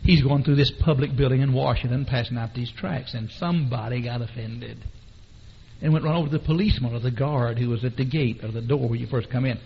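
A man's voice: medium pitch, fairly quick, gravelly, a little hiss or hum. A man preaching a sermon, telling stories with animation and calling on the congregation. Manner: animated storytelling, calls on the congregation. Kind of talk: sermon with anecdotes. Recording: dull lo-fi recording.

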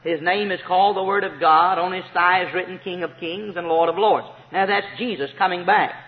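A man preaching a sermon, emphatic and repetitive, rising to shouted praise. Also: high voice, fairly even intonation, a little fast. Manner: emphatic, repeats key phrases, rises to shouts of praise. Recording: tinny phone-like sound with long hall reverb.

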